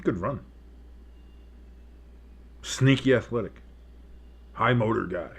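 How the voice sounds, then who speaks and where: A man's voice: on the low side, slow, gravelly, slightly rough. Tired man calling football plays at home. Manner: casual, breaks off the play calls into asides and scores. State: tired, yawning. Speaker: play-by-play commentator. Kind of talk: home-made live game commentary. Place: home studio with a dog and fireworks outside.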